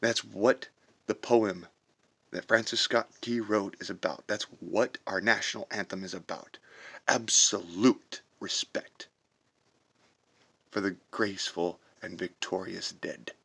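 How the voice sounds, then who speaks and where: A man from the United States with a very deep, husky voice and a hard, forceful edge. He rants at the camera, swearing freely and stressing his words slowly to drive them home. The talk stays confrontational and emphatic throughout. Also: fairly even intonation. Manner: profane, confrontational, emphatic, with slow drawn-out stresses. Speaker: reaction video host. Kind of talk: heated patriotic rant to camera.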